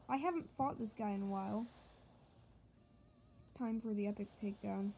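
A woman giving joking let's-play commentary to her viewers, excitable and yelping at the game. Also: medium pitch, normal speed, creaky, pauses often, slightly rough, low-quality recording. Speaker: gaming channel host.

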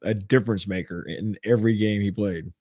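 A man's voice: on the low side, steady tone, a little fast, a little mellow, no echo, clean studio sound. A man co-hosting a podcast, giving short agreeing replies and chatting about hockey. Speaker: podcast co-host. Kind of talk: casual chat.

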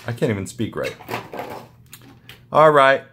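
A young man excitedly opening trading card packs for his channel, muttering card names with sudden yelps of delight. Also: a little slow, a little hiss or hum. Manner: excitable, muttering asides, jumpy pitch. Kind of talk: casual pack-opening commentary.

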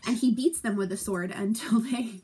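A woman's voice: on the high side, moderate pace, mellow, slight background noise. A woman teacher giving a casual recorded lesson at home, chatty and playful, acting out quotes with giggles.

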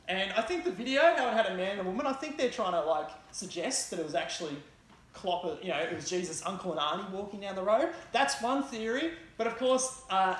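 A woman's voice: mid-range voice, reverberant, slight background noise. Chatty woman preaching in a church. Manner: chatty, conversational retelling with fillers. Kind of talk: sermon.

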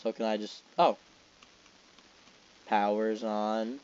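A man's voice: medium pitch, fairly even intonation, unhurried, a little mellow, no room sound, lo-fi sound. A young man giving casual, exasperated commentary while playing a game, talking to himself and swearing. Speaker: gamer.

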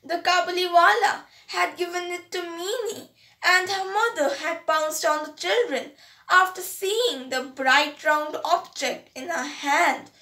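A woman with an Indian English accent, reading a story aloud as an audiobook narrator, slow and careful, in a roomy, echoey recording. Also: very high-pitched, bright, forceful tone. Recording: roomy echo.

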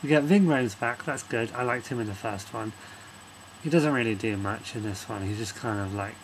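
A man's voice: medium pitch, lively intonation, normal speed, a little hiss or hum, poor audio. A man giving a casual, sweary, exasperated film review that rambles as it goes.

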